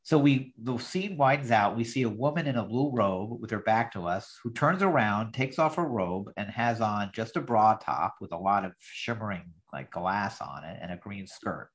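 Podcast host, male, casual recap talk, very animated pitch. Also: moderate pace, hardly any pauses. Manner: animated, acts out lines in the retelling. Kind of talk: casual chat, recapping a sitcom scene.

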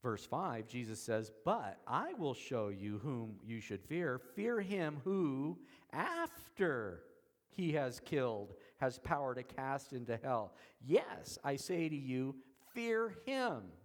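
Man preaching with big expressive swings. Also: mid-range voice. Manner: dramatic swings between soft and emphatic, slows on key words; folksy asides with self-deprecating humor. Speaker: pastor. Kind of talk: expository sermon.

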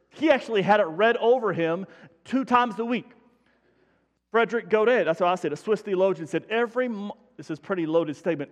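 A man's voice: sits high, lively intonation, a little fast, long reverb tail. A man preaching a sermon as pastor, folksy and self-deprecating, with many restarts. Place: church sanctuary.

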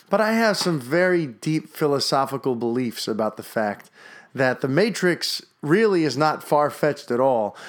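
A man's voice: medium pitch, clean tone. A man hosting a podcast, talking casually, with a lot of swearing and rambling. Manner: profane, rambling, enthusiastic. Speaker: podcast host.

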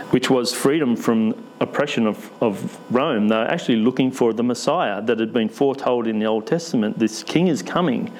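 A man's voice: medium pitch, darkish tone, slight background noise, low-quality recording. A man preaching a conversational sermon in church, asking the congregation questions with light humour.

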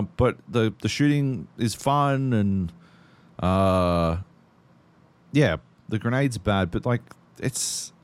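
A man co-hosting a podcast, chatting casually about games while swearing constantly and rambling through stories. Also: fairly low pitch. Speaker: podcast co-host. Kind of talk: casual gaming chat.

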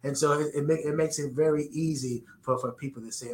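A man's voice: a little high, fairly even intonation, a little fast, reverberant, slight background noise. A man with a New York accent, answering interview questions earnestly and often repeating words as he finds his phrasing. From the Bronx, New York. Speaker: guest.

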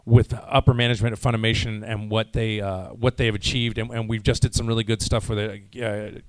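A man's voice: fairly low pitch, level tone, brisk, no echo. Chatty American man with a dry sound. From United States. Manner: rambling, chatty, many fillers and restarts. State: jet lagged. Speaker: voice actor answering fan questions at a convention panel. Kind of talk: casual panel Q&A.

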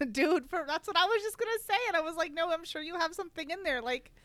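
A woman's voice: very high voice, a little fast, bright, forceful tone, no room sound. A woman chatting casually about a book, joking around and swearing playfully.

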